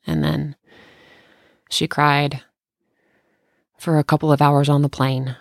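A woman telling a personal story in casual conversation, emotional and halting, often restarting her sentences. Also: deep voice, level tone, dry recording. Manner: tender, close to tears at times.

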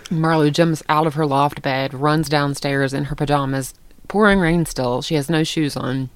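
A middle-aged woman telling a story in casual chat, animated and laughing often. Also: low-pitched, moderate pace, dry recording.

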